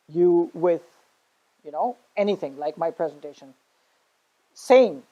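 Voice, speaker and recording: A woman teaching pronunciation in a patient, explaining tone. She repeats words with a shifting stress and often checks in with her listeners. Her voice sits at an everyday middle pitch. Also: animated, moderate pace, mellow, highs cut off. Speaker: spoken English teacher. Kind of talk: online pronunciation lesson.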